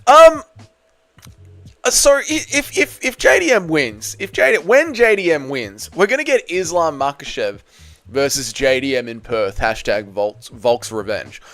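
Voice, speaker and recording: A man's voice: a little high, measured pace, no echo. Swearing young man hosting a livestream. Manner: excitable, swearing, loud bursts when reacting to chat. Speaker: livestream host. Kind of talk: casual livestream chat reading comments.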